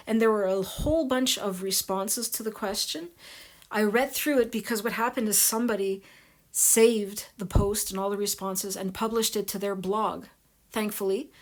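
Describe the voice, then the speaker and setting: A woman hosting her own video channel, talking casually to her viewers in a soft voice that they compare to ASMR, with many pauses and fillers. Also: medium pitch.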